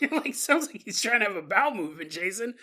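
A woman's voice: a little high, sharp tone. A woman co-hosting a podcast, telling a story in a chatty way with joking asides. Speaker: podcast co-host. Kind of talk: casual storytelling.

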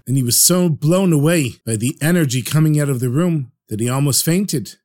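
A man narrating a traditional story for a podcast in an earnest, lively way. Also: on the high side, moderate pace, slight background noise.

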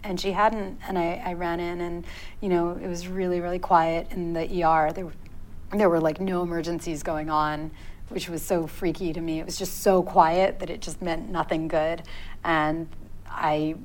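Her voice a touch low and her delivery flat, a thirty-something woman being interviewed works through a personal story in fits and starts, stopping to reflect before picking it up again. The audio is rough, with a faint hiss or hum.

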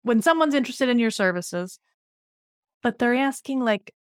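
A woman's voice: fairly high pitch, expressive, moderate pace, clean tone, dry recording, studio quality. A woman hosting a podcast interview, chatty and reflective, often checking "you know what I mean?". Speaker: podcast host.

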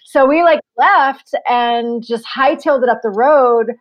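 A woman with a high voice joins in a casual storytelling chat, adding details in quick, chatty bursts full of "like." The sound is muffled and lo-fi, like a modest home recording. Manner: chatty, quick to chime in, uses "like". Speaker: touring musician, band member. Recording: dull lo-fi sound.

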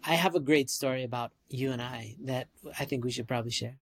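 Animated Canadian man telling stories. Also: medium pitch, brisk, gravelly. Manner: animated storyteller, lots of "like" and "right?". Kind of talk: casual chat.

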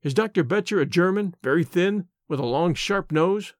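A man's voice: sits high, expressive, normal speed, no echo, studio quality. A man reading the part of a shaken young engineer, earnest and plain-spoken. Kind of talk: audiobook character reading.

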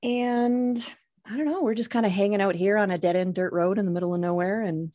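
A woman in her forties with a Minnesota accent, a podcast guest chatting in a relaxed, friendly way. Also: mid-range voice, fairly quick, no room sound, studio quality. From central Minnesota. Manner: relaxed, friendly, laughs easily. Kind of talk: casual interview chat.

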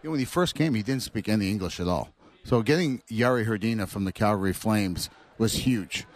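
A man, a former player, telling animated anecdotes as a guest. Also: fairly low pitch, a little fast. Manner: animated storyteller acting out quotes. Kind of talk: anecdotal storytelling.

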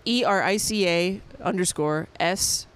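A woman's voice: lowish voice, unhurried, slight background noise. A woman guest on a podcast, casually telling a long story and acting out what people said, with many fillers. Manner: animated, acts out quotes, lots of "like". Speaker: podcast guest, event producer.

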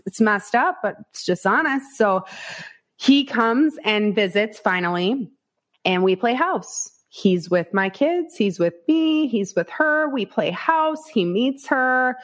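A woman's voice: a little high, lively intonation, slow. A woman from Iowa, a podcast guest, tells her story frankly and with animation, acting out quotes, swearing and laughing often. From Iowa, United States. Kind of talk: candid storytelling interview.

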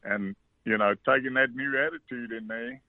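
A man from South Africa with a South African accent, a golfer guest telling relaxed anecdotes with salty language on a casual interview. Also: mid-range voice, normal speed, no echo. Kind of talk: casual storytelling. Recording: dry tinny phone line.

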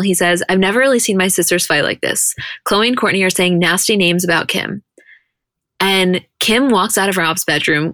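A woman co-hosting a podcast, recapping a show in casual chat and quoting people in quick animated bursts. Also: medium pitch, no room sound, clean studio sound. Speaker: podcast co-host.

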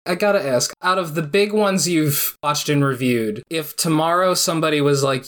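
A man co-hosting a podcast, chatting casually with teasing, quick banter. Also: on the high side, a bit bright. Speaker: podcast co-host.

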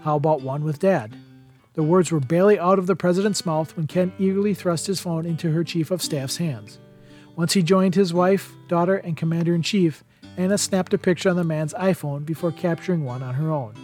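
A man reading a chapter of a holiday novel aloud as a podcast narrator, in a steady, even storytelling manner. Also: a little high, brisk, faint music behind. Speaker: podcast reader. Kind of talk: audiobook narration.

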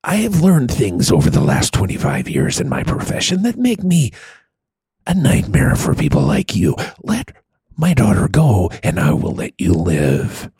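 Guy putting on a deep gravelly tough-guy growl, breathy and slow and threatening, dry sound. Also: wildly swooping pitch, mellow, no echo, heavily acted. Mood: menacing. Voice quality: gravelly, breathy and half-whispered. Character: menacing gravelly middle-aged male action hero.

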